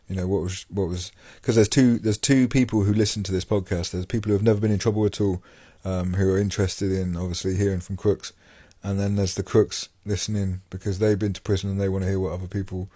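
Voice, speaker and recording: A man's voice: sits low, warm tone, dry recording, studio quality. A man hosting a podcast, talking casually about his time in prison, rambling with many fillers and restarts. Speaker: podcast host and former prisoner. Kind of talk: casual monologue.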